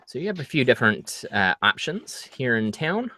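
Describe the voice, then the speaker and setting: A man narrating as game master for a tabletop game, laying out options in a slow, halting way with many fillers. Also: medium pitch, sing-song, bright, forceful tone, no room sound.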